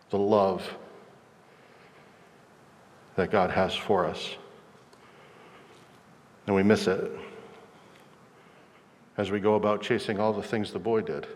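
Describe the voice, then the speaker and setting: A man preaching a sermon, reflective and measured, as a pastor. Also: lowish voice. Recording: long hall reverb.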